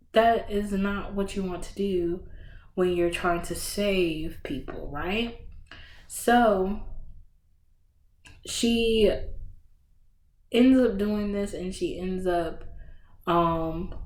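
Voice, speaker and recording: A woman hosting a book podcast, casually retelling a story with slangy, animated bursts and acted-out reactions. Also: medium pitch. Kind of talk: casual book review chat. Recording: roomy echo.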